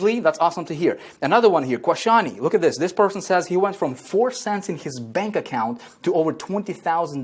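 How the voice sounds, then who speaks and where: A man's voice: a little high, breathy edge. A man leading an online marketing training video, upbeat and motivational, checking in with "okay?" and "right?" after nearly every point. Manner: energetic, repeats "okay?" and "right?" often.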